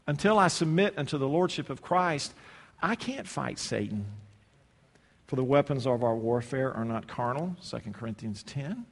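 A man preaching a sermon, telling a personal story with humor and sudden loud shouted quotes. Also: fairly high pitch, animated, measured pace, pauses often, husky, big-room sound.

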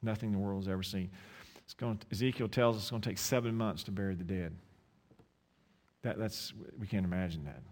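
A man with an Eastern North Carolina accent preaching a sermon, impassioned, with repeated restarts and dramatic pauses. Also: low voice, a little mellow. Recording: long hall reverb.

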